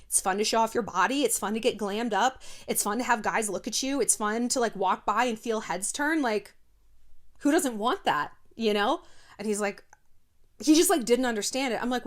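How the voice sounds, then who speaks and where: Female host, casual advice to camera, sardonic and animated, bright lively pitch. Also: brisk. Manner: animated, sardonic, swears freely. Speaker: video host.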